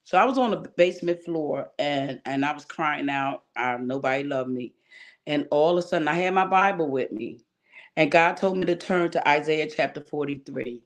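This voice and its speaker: A woman tells her personal story of faith as a guest on a talk show. She speaks earnestly and emotionally, often pausing on fillers, and at times sounds close to tears. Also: sits low. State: near tears.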